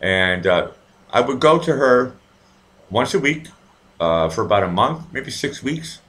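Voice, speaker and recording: A man's voice: medium pitch, animated, unhurried, fairly bright tone. A man hosting a live show, telling a story in a rambling, profane, casual way with many restarts.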